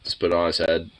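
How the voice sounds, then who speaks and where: A man's voice: deep voice, slight background noise. A man chatting casually to his dog, rambling, swearing freely and slipping into baby talk. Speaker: dog owner vlogger.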